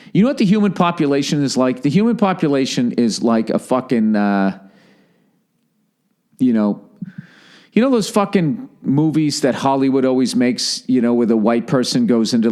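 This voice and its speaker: A man's voice: mid-range voice, a little mellow. A man in his forties hosting a solo podcast from home, ranting profanely and sarcastically and mocking people in put-on voices. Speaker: podcast host. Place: home in Los Angeles.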